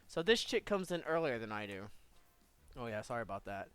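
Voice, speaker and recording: A man's voice: medium pitch, big pitch swings, fairly quick, a bit bright, clean tone. Joking, profane young man playing a game. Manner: profane, joking, mumbling asides. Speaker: gamer. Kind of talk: let's play commentary.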